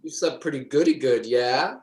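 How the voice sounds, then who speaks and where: A man's voice: medium pitch, moderate pace, a little mellow, close to an everyday voice. A man playing a jealous, clingy rich fiancé who uses baby talk in an improvised stage comedy. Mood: cooing. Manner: baby talk, whiny, possessive.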